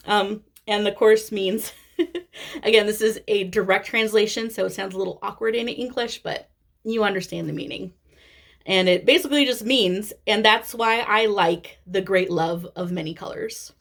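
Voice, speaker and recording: A woman's voice: mid-range voice, steady tone, normal speed, gravelly, fairly bright tone. A woman in her thirties with a Midwestern American accent, chatting candidly and casually as a cross-stitch vlogger. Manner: chatty, candid, sprinkles in swearing and laughter. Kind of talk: casual chat.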